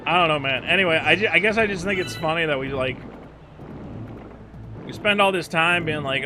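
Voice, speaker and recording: Rambling, profane man with a higher voice. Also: expressive. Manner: rambling, profane, quick asides and laughs. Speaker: streamer playing a video game. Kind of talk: casual gameplay chat. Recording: clear game music underneath. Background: game music.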